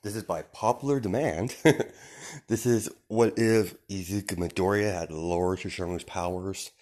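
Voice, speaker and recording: Rambling low-voiced storyteller man. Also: a little slow, a little mellow. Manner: rambling, many fillers, chuckling often. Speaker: fan storyteller. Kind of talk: casual improvised storytelling.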